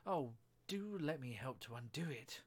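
A man reading aloud and voicing a curious, polite young girl who speaks earnestly and often softly. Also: medium pitch, lively intonation, measured pace.

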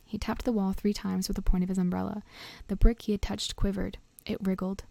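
A woman narrating a storybook in a gentle, half-whispered read-aloud, close to the mic. Her voice is gravelly with a mellow, dark tone. The room sounds dry. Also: mid-range voice, level tone, a little fast, no room sound. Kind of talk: soft storybook reading aloud, partly whispered.

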